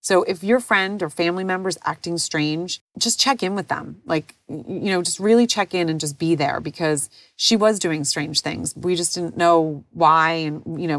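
Low-voiced woman, tender and heartfelt. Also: a bit bright, dry recording. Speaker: podcast host. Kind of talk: personal reflective monologue.

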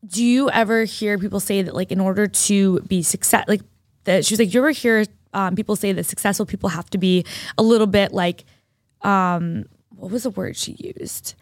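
A woman's voice: medium pitch, normal speed, no room sound. Chatty young woman, dry close sound. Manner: chatty, storytelling with many fillers. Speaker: podcast co-host. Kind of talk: casual chat.

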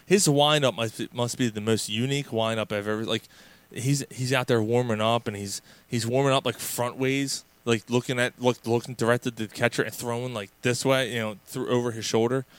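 A man co-hosting a casual sports podcast, telling stories in an animated, profane way with many restarts. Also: medium pitch, brisk, smooth, no room sound. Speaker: podcast co-host.

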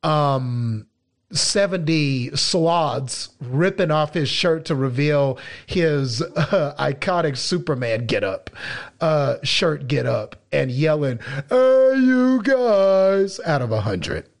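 A man co-hosting a film review podcast, talking casually and haltingly with many restarts. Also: medium pitch, gravelly.

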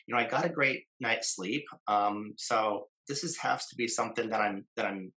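A man's voice: lowish voice, moderate pace, bright, forceful tone, rough recording. A man in his fifties, a guest in conversation, telling a long story with many fillers and restarts and acting out the voices of people he quotes.

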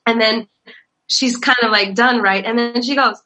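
This rough recording captures a young woman with a slightly high voice speaking at a moderate pace. She's a ministry worker appearing as a guest, chatting casually and recounting comic church moments. Animated throughout, she laughs often and voices quotes loudly.

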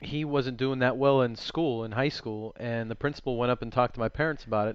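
A man interviewing a guest in a relaxed, casual chat, sharing anecdotes. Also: medium pitch, fairly quick, clean tone, no room sound, muffled recording. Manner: relaxed, brief affirmations and anecdotes.

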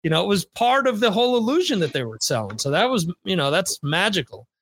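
A man's voice: high-pitched, big pitch swings, quick pace, background noise. A man hosting a podcast in casual chat with listeners, rambling with restarts and fillers. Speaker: podcast host.

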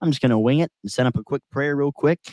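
A man's voice: mid-range voice, fast, darkish tone, dry recording. A man hosting a podcast, casually telling rambling, self-deprecating stories. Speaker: podcast host. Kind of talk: casual chat.

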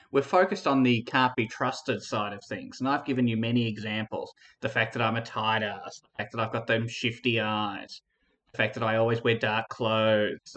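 A man's voice: medium pitch, a bit bright. A man giving a teasing, theatrical comedic debate speech.

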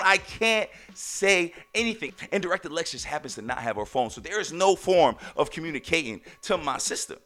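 A young man hosting a podcast, telling a family story in casual slang, full of "like" and "right?". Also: fairly high pitch. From Texas. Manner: animated, talks in loose slang with lots of "like" and "right?". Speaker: podcast host.

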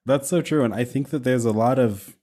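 An animated young man hosting a relaxed talk show. He jumps into quick asides, corrects himself mid-sentence and keeps a lively, conversational flow in a middle-pitched voice. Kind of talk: casual conversation on faith.

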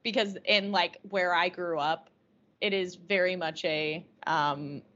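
A woman co-hosting a podcast in a relaxed, wry, offhand manner, pausing to find her words. Her voice sits a bit low for a woman. The sound is muffled and lo-fi. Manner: relaxed, wry, thinks aloud with fillers. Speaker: podcast co-host. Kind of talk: casual chat. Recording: dull lo-fi audio.

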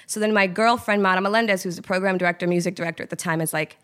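A woman from Trinidad, a guest in a casual interview, telling her story in an animated way and acting out the voices of people she quotes. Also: on the low side, rapid-fire, clear, resonant tone.

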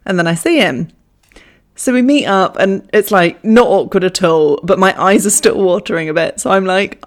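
A woman's voice: mid-range voice, normal speed. A young woman telling a funny personal story in a chatty, self-mocking way, swearing freely. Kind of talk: casual anecdote.

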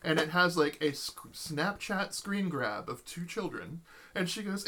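With a voice on the higher side and an unhurried pace, a man recounts a long anecdote during a podcast chat. His storytelling is casual and animated, and he imitates the people he's quoting.

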